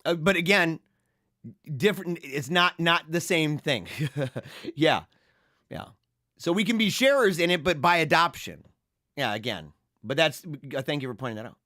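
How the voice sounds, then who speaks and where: A man hosting a casual livestream, reading viewer comments and chatting in an animated, laughing way. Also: fairly high pitch, dry recording, clean studio sound. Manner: animated, laughing, drawn-out slang. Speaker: livestream host.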